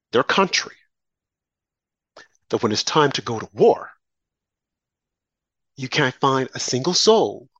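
A man's voice: mid-range voice, breathy edge, dry recording, dull audio. A man giving heated, sarcastic political commentary as a guest, speaking indignantly to the host. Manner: indignant, sarcastic, rising to shouts.

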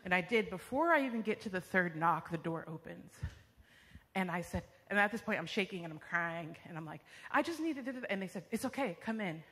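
Young woman, bright and forceful, sharing a storytelling testimony in a reverberant sanctuary. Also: fairly low pitch, brisk. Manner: vivid storyteller, frequent fillers like "like" and "um". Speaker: church member giving testimony. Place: church sanctuary. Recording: long reverb of a large hall.

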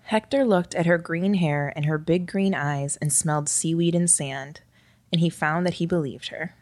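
A woman reads a story aloud with a wry, lightly expressive delivery. Her voice sits very low for a woman, and the recording is dry and close, with no room sound. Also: normal speed, no echo. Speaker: narrator. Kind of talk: scripted storytelling narration.

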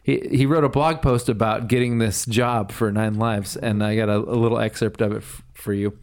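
A man's voice: lowish voice, steady tone, moderate pace, a little mellow. A man hosting a casual chat, rambling with many fillers and reading a blog excerpt aloud. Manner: rambling, lots of fillers, laughs often.

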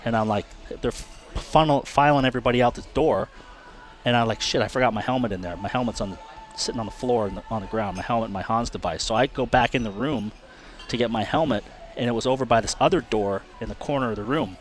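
A man's voice: mid-range voice, fast, soft background music. A man, a retired race car driver, talking candidly as an interview guest, often repeating himself and swearing. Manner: frank, repeats words and restarts, swears.

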